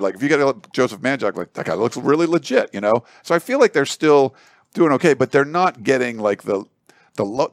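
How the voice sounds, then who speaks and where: A male sports talk analyst rambling through his take in a studio, leaning on filler words as he works out his point. His voice sits at an ordinary middle pitch, and the sound is dry and close. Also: no room sound. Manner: rambling, thinks aloud with many "like" fillers and food analogies. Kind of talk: casual studio talk show commentary.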